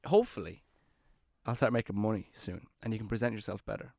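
A man in his thirties co-hosting a podcast in casual chat, jokey and quick to defend himself. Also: on the low side, vocal fry, a little mellow, no room sound, clean studio sound. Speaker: podcast co-host.

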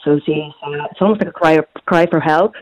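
A woman's voice: low voice, fairly quick, darkish tone, low-quality recording. A young woman in her twenties calling in to a radio show, talking casually and a little hesitantly. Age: 20s. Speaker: caller. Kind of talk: casual phone-in chat.

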